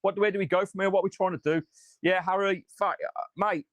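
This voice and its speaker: A man with a fairly high voice, recorded dry and close, with no room sound. He rants in frustration, swears often and reads out viewer comments as he reacts live after the match. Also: steady tone, fast talker, fairly bright tone, no echo. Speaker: fan channel host.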